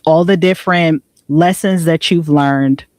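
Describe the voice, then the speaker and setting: A woman's voice: deep voice, a little slow, darkish tone, no room sound. A woman co-hosting a podcast, talking in an earnest, reflective way and often checking in with "right?". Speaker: podcast co-host. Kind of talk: reflective motivational conversation.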